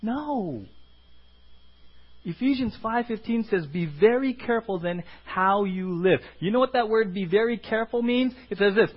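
A man preaching a sermon as pastor, animated and acting out the voices of the people he quotes. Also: high voice, moderate pace, breathy edge, muffled recording.

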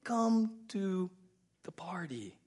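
A preacher acting out a tender older father who is loudly coaxing his son to come in. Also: very animated, very slow, breathy edge, exaggerated voice. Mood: pleading. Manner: loud, high and coaxing, drawn out. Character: tender pleading older father, warm and eager.

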